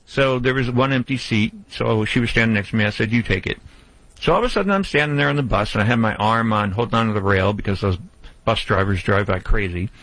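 A man's voice: fairly low pitch, fast, dry recording, low-quality recording. Chatty male radio host telling a story in a dry studio booth. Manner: storytelling, chatty, animated retelling. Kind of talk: casual radio chat.

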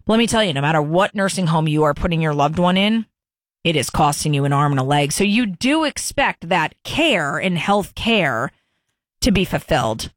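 A woman's voice: deep voice, lively intonation, normal speed, no room sound, clean studio sound. A woman hosting a talk radio show, delivering an emphatic opinion monologue and repeating herself for stress.

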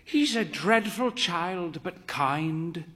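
A man reading a story, voicing a proud, frail elderly woman in a high, airy, theatrical voice. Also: expressive, very slow, fairly bright tone, big-room sound, full character voice.

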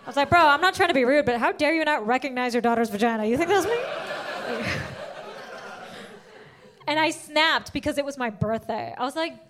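A young woman performing a stand-up set, telling stories in an animated way with sudden shouted outbursts. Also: high voice, moderate pace, long pauses, a little hiss or hum. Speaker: stand-up comedian.

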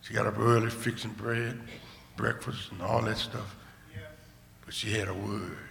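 An older male preacher giving a sermon testimony, moving from hushed storytelling to shouted rejoicing. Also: lowish voice, fairly even intonation, unhurried, vocal fry. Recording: echoey hall with long reverb.

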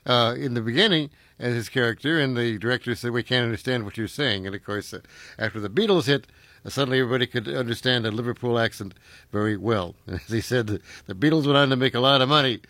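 A man hosting a radio talk show, talking in a relaxed, conversational way with fillers. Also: medium pitch, fast talker, no echo. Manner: conversational, uses fillers, chuckles easily. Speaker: radio host.

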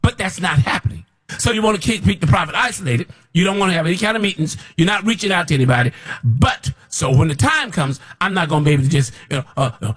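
Male preacher, husky, fairly high-pitched, scolding, repeats himself, climbs toward shouts. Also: lively intonation, quick pace. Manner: scolding, repetitive, rising to near shouts. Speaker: self-described prophet. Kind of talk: preaching monologue.

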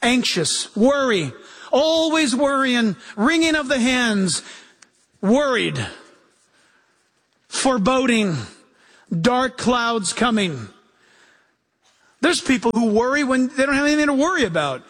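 A male pastor preaching a lively sermon, acting out quoted voices and chuckling as he goes. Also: very high-pitched, slow, long pauses.

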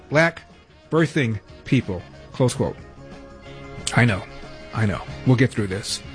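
A man hosting a talk radio show, running through headlines with wry, sarcastic asides. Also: a little high.

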